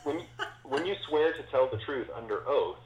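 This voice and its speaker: A man's voice: mid-range voice, expressive, normal speed. A man co-hosting a casual political chat podcast, hesitant and restarting his sentences as he explains. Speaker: podcast co-host. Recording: roomy, dull lo-fi sound.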